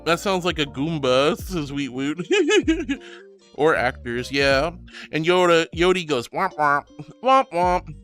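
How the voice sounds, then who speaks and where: A man's voice: a little high, sing-song, slow pace, fairly bright tone, faint music behind. A man streaming live in a casual, gushing and affectionate way, reading chat aloud and greeting viewers with giggles.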